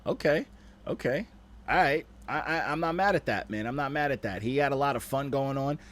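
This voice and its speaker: A man hosting a stream and critiquing rap submissions in a casual, animated way, full of slang and "you know what I'm saying". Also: medium pitch, a little fast. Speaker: rap judge and stream host.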